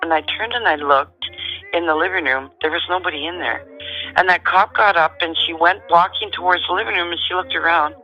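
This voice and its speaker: A middle-aged woman, calmly and matter-of-factly telling a personal story as a guest. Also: on the low side, a little fast, highs cut off, faint music behind. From Canada. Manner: calm, matter-of-fact storyteller.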